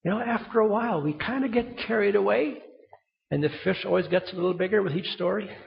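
A man preaching a sermon, telling stories with lively acted-out quotes. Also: high voice, brisk, gravelly. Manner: animated storytelling, acting out quoted voices. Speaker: pastor. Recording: muffled sound in a reverberant hall.

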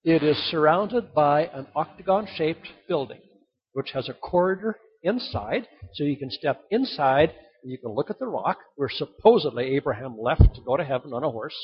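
An older man preaching a sermon, telling stories dramatically with sudden swings between loud and soft. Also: a little high, lively intonation, moderate pace, breathy edge. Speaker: pastor. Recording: dull lo-fi sound.

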